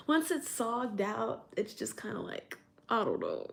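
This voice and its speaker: A woman's voice: medium pitch, normal speed, creaky, few pauses. Chatty, laughing young woman streamer. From New York. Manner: animated, laughs often, chatty. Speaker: streamer reading live chat. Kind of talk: casual live-stream chat.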